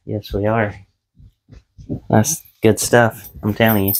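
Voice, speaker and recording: A man's voice: lowish voice, level tone, takes it slowly. A man vlogging from his small home office, chatting casually and telling corny jokes in a folksy, self-deprecating way. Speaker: eBay reseller and vlogger.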